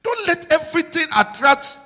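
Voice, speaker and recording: A man's voice: very high voice, sing-song, moderate pace, sharp tone. A man preaching a sermon, exhorting his congregation and calling on them to repeat phrases after him. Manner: exhorting, call-and-response with congregation. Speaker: pastor. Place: large church hall. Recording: live church hall with long reverb.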